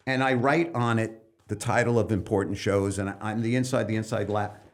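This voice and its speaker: Animated middle-aged comedian riffing loudly. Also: male voice, lowish voice, fairly quick. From New York City. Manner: animated, riffs into loud comic bits mid-thought. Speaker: stand-up comedian and comedy coach, podcast guest. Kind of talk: loose conversational interview talk.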